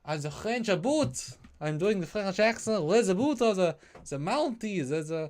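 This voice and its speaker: A man's voice: lively intonation, moderate pace, a little mellow. A man putting on a silly, over-the-top French Canadian voice as a joke. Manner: playful, over-the-top, higher pitched.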